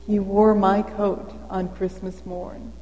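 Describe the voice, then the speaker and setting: A woman's voice: mid-range voice, level tone, slow pace, dark tone, long reverb tail, lightly acted, rough recording. A woman voicing a giving sheep with a curly horn in a storybook. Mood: warm.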